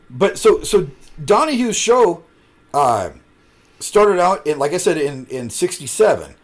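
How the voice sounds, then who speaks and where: Man from Nebraska, podcast co-host, casual profane storyteller with lots of restarts, slightly high voice. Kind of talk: casual chat.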